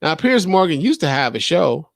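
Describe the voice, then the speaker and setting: A man's voice: fairly high pitch, very animated, normal speed, gravelly, no room sound, studio quality. A man from the United States hosting a podcast, talking in a casual, profane, rambling way full of fillers and restarts. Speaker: podcast host. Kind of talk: casual commentary.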